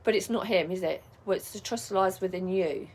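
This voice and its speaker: A middle-aged woman talks straight to her viewers, giving relaxed life-coaching advice. She sounds chatty and reassuring, keeps checking in with a quick "yeah?", and her pitch sits in an ordinary middle range for a woman. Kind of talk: casual advice vlog.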